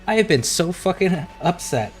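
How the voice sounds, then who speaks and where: A man's voice: sits high, expressive, normal speed, soft background music. A man streaming a video game, chatting casually with viewers and ranting with plenty of swearing. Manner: profane, ranting, jokey. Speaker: livestream gamer. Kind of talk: casual gaming livestream chat.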